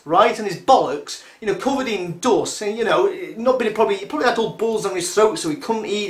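Give me a vlogger with a sarcastic, animated delivery, recorded in a roomy, echoing space. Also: medium pitch. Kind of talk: casual religious commentary monologue.

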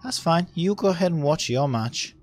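A young man giving casual, sarcastic gameplay commentary, chatty and swearing, with sudden loud outbursts. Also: a little high, lively intonation, moderate pace. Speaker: let's play gamer.

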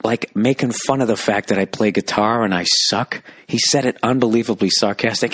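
A man in his forties hosting a podcast, telling a profane comic story fast and acting out both sides. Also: mid-range voice, fairly bright tone, no room sound, clean studio sound. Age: 40s. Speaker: podcast host.

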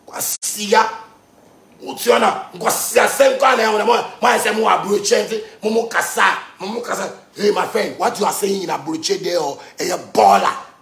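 A Ghanaian man goes off on a live stream in a high, gravelly voice. He is animated, mixing pidgin with local words and bursting into shouts. The sound is roomy and echoey. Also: moderate pace. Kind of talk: heated live-stream rant.

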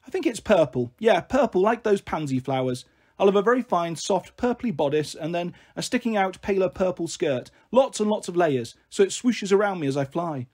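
A man's voice: high-pitched, expressive, normal speed, a little mellow. A man voicing a protective big-sister girl who spins playful, coaxing fairy stories in a storybook reading.

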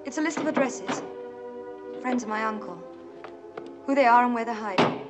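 A woman's voice: fairly high pitch, animated, normal speed, music in the background, close to an everyday voice. An actress playing an anxious young woman desperately searching for a list of papers in a film scene. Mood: urgent.

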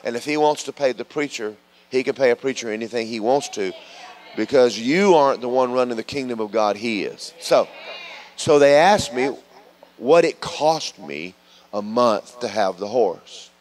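A man preaching a sermon in a church, telling stories in a lively way that moves between loud calls and quiet asides. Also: medium pitch, normal speed. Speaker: pastor. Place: church sanctuary.

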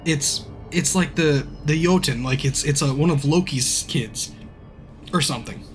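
A man's voice: a little high, a little slow. Profane, rambling male streamer. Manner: loose and profane, acts out scenes with hushed character asides. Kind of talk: casual rambling movie recap while gaming.

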